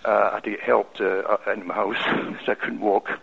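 A man with a Scottish accent, a radio guest telling a personal story in an animated way, with many restarts. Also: fairly low pitch, fairly quick, creaky, slightly rough. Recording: lo-fi radio broadcast.

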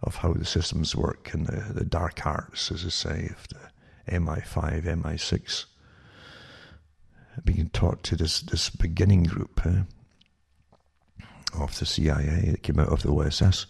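A man's voice: low voice, flat delivery, measured pace. A man giving a rambling spoken monologue, restarting often and tossing in questions like "eh?" to the listener. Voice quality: gravelly, husky. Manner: rambling, with frequent restarts and asides like "eh?". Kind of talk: monologue commentary.

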